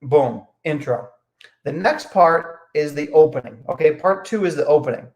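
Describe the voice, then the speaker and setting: Man, young adult, higher-pitched voice, casual teaching, conversational, repeats phrases, acts out phone calls. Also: normal speed, darkish tone. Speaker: real estate investing coach. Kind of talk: casual spoken lesson to camera.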